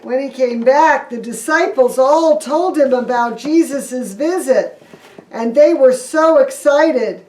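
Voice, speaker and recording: A woman pastor telling a Bible story to children in a lively, playful way. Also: sits high, slow pace. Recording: echoey room, distant mic.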